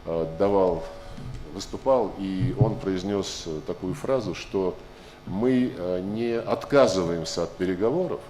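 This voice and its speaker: A man speaking at a press conference in measured phrases with frequent hesitations. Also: deep voice, warm tone, a little hiss or hum. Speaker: visiting foreign minister. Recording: echoey room with faint ambience.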